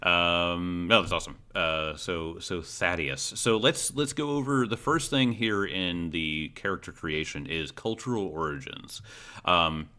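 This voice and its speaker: A game master in a tabletop role-playing game helps build characters, his talk peppered with fillers and restarts. His voice is deep and a little slow, bright and forceful, with a clean tone.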